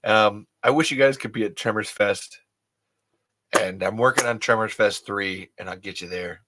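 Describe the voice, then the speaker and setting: Reading out comments in a casual chat, this podcast host rambles warmly to his listeners, cursing and starting over now and then. He speaks at an ordinary pace in a lower-leaning voice, with noise in the background.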